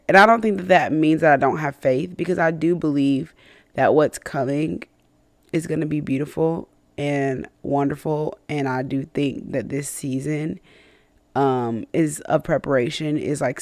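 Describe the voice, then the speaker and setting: A woman's voice: low voice, unhurried, no room sound. A woman hosting a personal faith podcast, talking candidly and reflectively, with many fillers and restarts and self-conscious laughs between thoughts. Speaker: podcast host.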